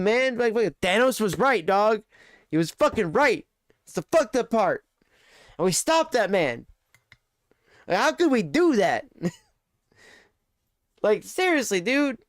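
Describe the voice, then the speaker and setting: Profane, rambling male streamer with a high voice. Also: no room sound, studio quality. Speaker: live streamer. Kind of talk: casual live-stream chat.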